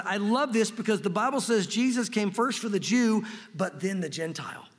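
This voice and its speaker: A man preaching a sermon with earnest excitement, teaching from the Bible and reading scripture aloud. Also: sits high, normal speed, few pauses, slightly rough, in a large hall. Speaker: pastor.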